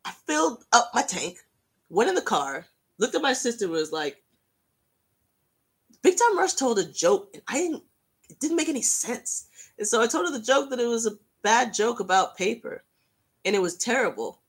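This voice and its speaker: Lively, animated storyteller on a livestream. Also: medium pitch, moderate pace, pauses often, slightly rough. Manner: animated, rambling, self-mocking. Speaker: fan hosting a livestream.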